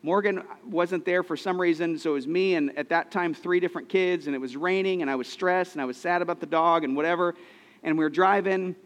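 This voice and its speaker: A man's voice: sits high, fairly quick, big-room sound. A man in his thirties preaching a sermon, telling personal stories in an earnest way, often restarting his sentences. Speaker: pastor.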